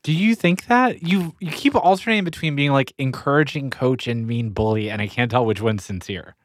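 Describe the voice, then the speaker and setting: A man co-hosting a podcast in casual chat, self-deprecating and halting, with frequent restarts. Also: mid-range voice, no echo. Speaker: podcast co-host.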